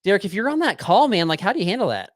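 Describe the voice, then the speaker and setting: A man's voice: sits high, sing-song, racing, dry recording, clean studio sound. Playful man hosting a podcast. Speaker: podcast host. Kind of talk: casual podcast chat.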